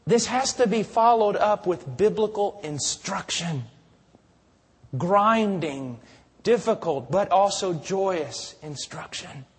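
A man with a high, husky voice preaches in a church, with a conversational, folksy delivery. His words ring out with a long reverb that fills the large room. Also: lively intonation, slow pace. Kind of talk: sermon.

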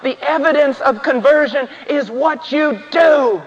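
A man preaching an impassioned sermon, swinging from hushed, solemn passages to ringing, shouted emphasis. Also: very high-pitched, a little slow. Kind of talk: fiery sermon. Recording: dull sound in a reverberant church hall.

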